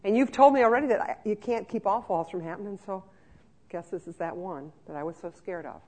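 A trainer gives care-home staff a lively, joking talk, acting out scenes while speaking. The voice is mid-range and brisk.

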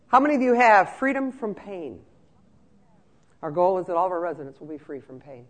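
Lively, joking conference trainer. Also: mid-range voice, quick pace. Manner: lively, joking, acts out scenes. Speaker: trainer and keynote speaker. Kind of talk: conference talk to care-home staff.

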